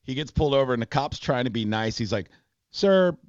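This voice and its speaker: A man's voice: medium pitch, quick pace, no room sound. A man in his forties hosting a radio talk show, telling stories with lots of fillers. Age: 40s. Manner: animated storytelling, frequent fillers, laughs. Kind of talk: casual talk radio banter. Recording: dull dry studio sound.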